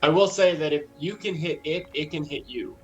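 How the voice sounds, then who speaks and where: A man's voice: a little high, normal speed, faint music behind, poor audio. A man running a tabletop game as game master, describing scenes in a loose, casual way.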